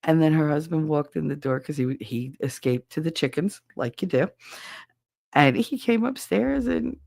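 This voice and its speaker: Gravelly, blunt-talking woman host. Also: low-pitched, animated, normal speed, darkish tone, no room sound, clean studio sound. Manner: blunt, profane, laughing. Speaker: podcast host. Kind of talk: casual chat with chat shout-outs.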